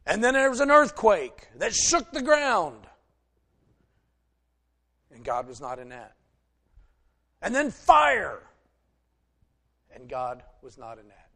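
A male preacher delivering a sermon, retelling a story and swinging between loud emphasis and hushed asides. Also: on the high side, animated, unhurried, long pauses.

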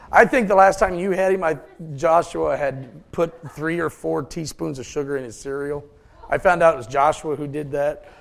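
A preacher man with a gravelly, creaky edge to his slightly high voice. He talks in a folksy, off-the-cuff way, throwing jokes and questions out to his congregation. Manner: folksy, joking asides to the congregation. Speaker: pastor. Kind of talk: sermon.

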